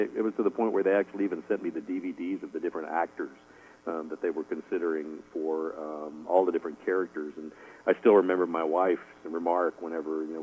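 Fast-talking deep husky man. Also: a little mellow, low-quality recording. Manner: rambling, lots of "you know" and "like that" fillers, chuckles often. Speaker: author guest. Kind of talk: casual radio interview answers.

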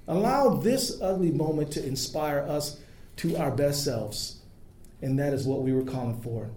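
A man's voice: mid-range voice, dark tone. A man giving an earnest, emphatic public speech at an interfaith event. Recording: echoey room with faint noise.

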